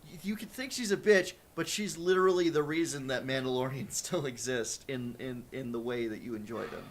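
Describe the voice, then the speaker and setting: A man's voice: medium pitch, brisk. A man co-hosting a casual podcast, bantering and swearing freely. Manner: lively, swearing, laughing banter. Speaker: podcast co-host. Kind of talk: casual chat.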